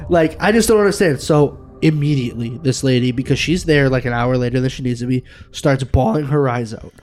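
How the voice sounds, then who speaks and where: A young man, a podcast co-host, telling a story in casual chat, animated, swearing and acting out quotes. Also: mid-range voice, a little fast, slight background noise.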